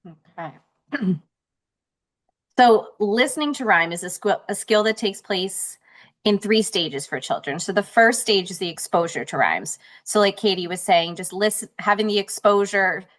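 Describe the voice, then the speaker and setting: A woman's voice: mid-range voice, moderate pace, fairly bright tone. A woman teacher presenting a parent workshop, informative, with the odd filler.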